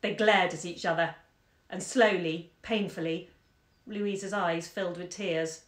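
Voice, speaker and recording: A woman's voice: lowish voice, steady tone, a little slow. Woman reading a story, echoey room. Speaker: bookseller reading aloud. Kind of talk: story read aloud on a live stream. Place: home during lockdown.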